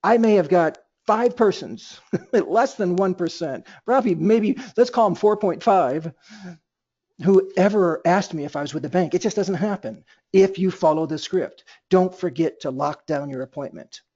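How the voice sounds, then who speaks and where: High-voiced man giving sales training. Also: moderate pace. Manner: energetic, plays both sides of sales calls. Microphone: computer mic on a webinar. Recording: dull lo-fi webinar audio.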